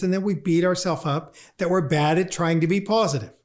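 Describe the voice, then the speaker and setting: A grief lecturer giving a talk, speaking conversationally and acting out inner voices in quick asides. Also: medium pitch, darkish tone. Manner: conversational, with fillers. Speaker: grief lecturer and workshop leader. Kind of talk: talk on grief and positive thinking.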